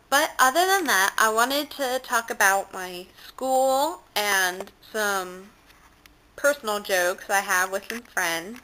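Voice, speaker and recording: A woman's voice: medium pitch, sharp tone, rough recording. A teenage girl chatting to a handheld camera held close up at home, telling giggly anecdotes. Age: late teens. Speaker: vlogger. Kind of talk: casual chat.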